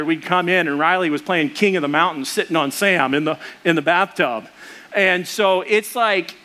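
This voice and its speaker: Male preacher, high and bright, chatty storyteller who acts out every voice. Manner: conversational, with fillers and restarts. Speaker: pastor. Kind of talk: storytelling sermon.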